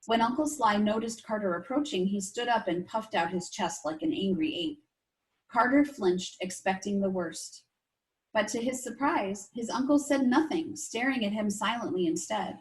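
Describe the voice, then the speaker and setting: A woman teacher reading a chapter book aloud to her class, expressive and stopping to explain things to the children. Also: medium pitch, moderate pace, low-quality recording. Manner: expressive, asides to young listeners.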